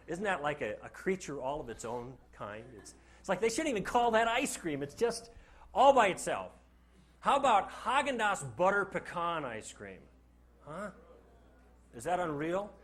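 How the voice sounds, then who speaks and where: A man's voice: on the high side, very animated, measured pace, fairly bright tone. A man giving a classroom lecture to a live audience, joking and putting rhetorical questions to the class.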